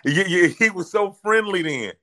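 Animated man telling a wild story. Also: sits high. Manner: animated, acts out voices in quotes. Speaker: comedian guest telling a story. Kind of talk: casual storytelling chat.

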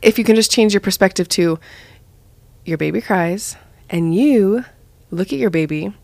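A young woman and mother chatting casually about parenting, acting out her own lines in a higher voice. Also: normal speed, vocal fry, no room sound. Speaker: mother sharing parenting advice. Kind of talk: casual podcast chat.

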